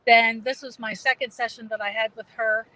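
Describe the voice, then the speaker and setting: Chatty New England woman, a bit high. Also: level tone, moderate pace, sharp tone, rough recording. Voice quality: chatty, many fillers and restarts. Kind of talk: casual video chat.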